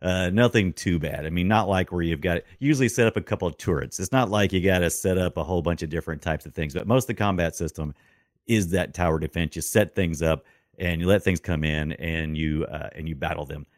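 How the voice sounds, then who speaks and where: A man's voice: low voice, a little fast, no room sound, studio quality. A man co-hosting a podcast, chatting casually and making playful, jokey interjections. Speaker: podcast co-host. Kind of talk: casual gaming chat.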